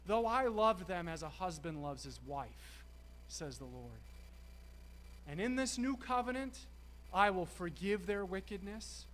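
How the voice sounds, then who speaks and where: A man preaching a sermon, emphatic, slowing and stressing key words with dramatic pauses. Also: on the high side, a bit bright, a little hiss or hum.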